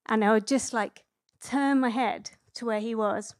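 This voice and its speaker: A woman in her thirties giving a conversational sermon, chatty and relaxed, with frequent fillers and self-corrections. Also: on the high side, moderate pace, hardly any pauses, no echo, clean studio sound. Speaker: preacher.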